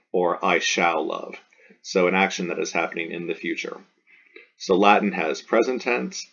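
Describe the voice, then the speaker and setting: A man's voice: deep voice, husky, lo-fi sound. A man teaching a recorded video lesson on Latin grammar, explaining each point patiently, step by step, with small restarts.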